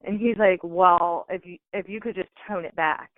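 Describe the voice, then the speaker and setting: A woman's voice: lowish voice, normal speed, no room sound. Chatty woman on a tinny phone line. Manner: animated, lots of fillers. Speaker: call-in guest. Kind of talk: casual storytelling.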